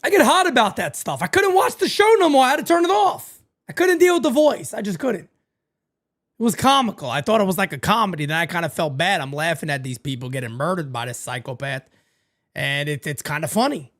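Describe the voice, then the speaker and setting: A woman hosting a live baseball watch-party stream, chatting casually and profanely, dropping into low mutters between bursts of energy. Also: animated, brisk.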